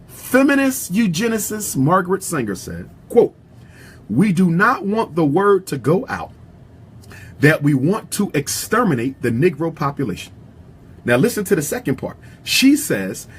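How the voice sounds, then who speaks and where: A man's voice: high-pitched, slightly rough. A man giving an impassioned speech to an audience, repeating his lines for emphasis in a preacher-like cadence. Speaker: public speaker.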